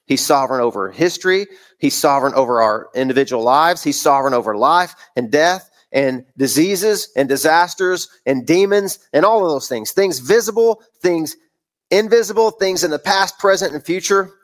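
A man's voice: on the high side, animated, moderate pace. A man, a pastor and parent, preaching a sermon in an earnest, emphatic way that repeats key phrases. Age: adult parent of several kids.

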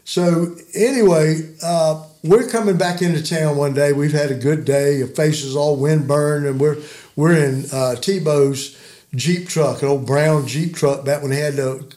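A man's voice: fairly high pitch, a little slow, a little mellow. A man in his sixties, a guest telling folksy, rambling hunting stories with chuckles. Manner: rambling, chuckling yarn-spinner. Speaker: guest storyteller.

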